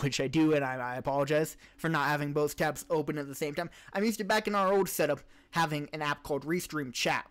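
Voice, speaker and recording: A man's voice: a little high, a bit bright. A man hosting a casual live-stream Q&A, reading questions from chat and answering in a rambling way, restarting and correcting himself as he talks. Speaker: podcast host and live streamer. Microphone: streaming desk mic.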